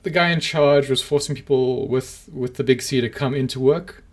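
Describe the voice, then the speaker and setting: A man's voice: medium pitch, moderate pace. A man co-hosting a podcast, chatting casually and rambling, with lots of fillers and restarts. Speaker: podcast co-host.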